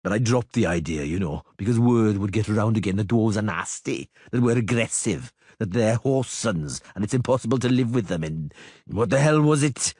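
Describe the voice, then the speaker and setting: A man's voice: on the low side, animated, normal speed, darkish tone, husky, no echo, studio quality. A man voicing a stocky, bearded male dwarf who talks in a coarse, grumbling, mocking way.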